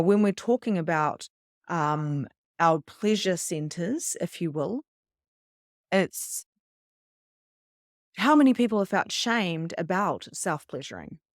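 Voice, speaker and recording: A woman's voice: medium pitch, no room sound, studio quality. A middle-aged woman, earnestly teaching a wellness session in a conversational way, sometimes acting out little stories. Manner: earnest, conversational, with acted-out anecdotes. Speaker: spiritual coach.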